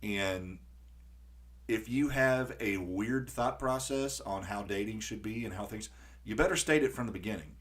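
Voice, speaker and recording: A man hosting a podcast in casual conversation, who tells stories with lively acted-out quotes and frequent restarts. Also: lowish voice, a little slow. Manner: animated storyteller acting out quotes. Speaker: podcast host.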